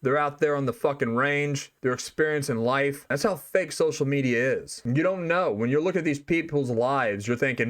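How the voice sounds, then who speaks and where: A man's voice: mid-range voice, moderate pace, few pauses. A man hosting a podcast, arguing his opinions bluntly in a monologue full of swearing. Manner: blunt, heavy swearing, argumentative. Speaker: podcast host.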